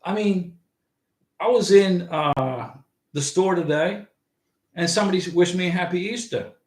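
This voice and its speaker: A man's voice: high voice, measured pace, echoey room. A man hosting a casual livestream, rambling and answering viewers' chat comments. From United States. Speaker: livestream host.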